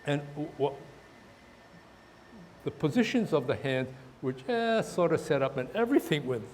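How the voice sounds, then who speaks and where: A man teaching a tai chi class in a park, talking haltingly with many restarts while he demonstrates the moves. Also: on the high side, big pitch swings, a little mellow, a little hiss or hum. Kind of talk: outdoor class instruction. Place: park, outdoors.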